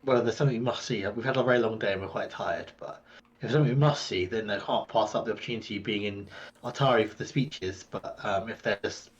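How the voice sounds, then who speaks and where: A man's voice: on the low side, quick pace. A man playing in a tabletop game, talking casually and hesitantly. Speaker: player. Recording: dull lo-fi microphone.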